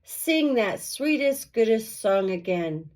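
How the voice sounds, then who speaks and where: A woman voicing a big, gruff male wolf in a storybook read-aloud, low and slow. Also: sing-song, a little mellow, poor audio. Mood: coaxing. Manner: slow, drawn-out, coaxing.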